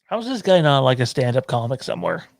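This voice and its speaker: A man's voice: mid-range voice, huge pitch swings, fast talker, creaky, no echo, studio quality. A man co-hosting a casual streamed chat show, joking and laughing as he reads out the live chat. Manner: laid-back, jokey, often laughing. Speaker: podcast co-host.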